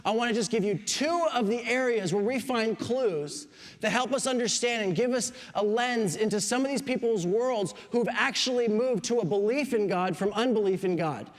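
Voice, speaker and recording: A man's voice: high-pitched, normal speed, long reverb tail. A pastor in his thirties from Quebec, preaching a sermon with joking asides. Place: church.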